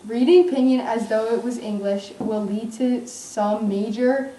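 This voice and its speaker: Woman presenter reading a pinyin lesson; higher voice, distant mic in an echoey room. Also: steady tone, measured pace, mellow, a little hiss or hum. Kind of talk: classroom presentation.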